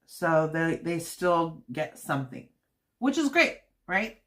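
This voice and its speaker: Slow-talking woman with a low voice. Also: sing-song, fairly bright tone. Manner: ranting then chatty, rambling with fillers. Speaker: channel host. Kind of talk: casual live-stream chat.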